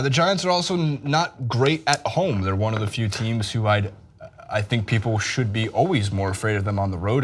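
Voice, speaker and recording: A man hosting a sports talk show, breaking down a football game in casual, jokey banter. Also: lowish voice. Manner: animated, jokey, breaks into laughter.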